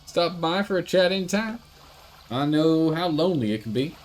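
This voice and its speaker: A man's voice: a little high, animated, normal speed, pitched above the performer's own voice, natural voice. A man voicing a friendly, lonely dock worker who talks eagerly.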